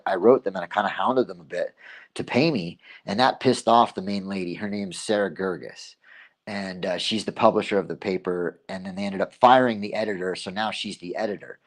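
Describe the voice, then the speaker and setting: A man's voice: low-pitched, brisk. A man hosting his own livestream show, telling a story in a casual, rambling monologue and repeating himself as he goes. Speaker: host of a local livestream show.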